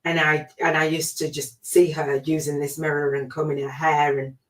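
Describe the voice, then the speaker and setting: A woman's voice: low voice, little pitch movement, normal speed, distant mic. A middle-aged woman hosting a spiritual coaching podcast, talking in a chatty, reflective way with lots of fillers. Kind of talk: casual spoken monologue. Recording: echoey room, voice away from the mic.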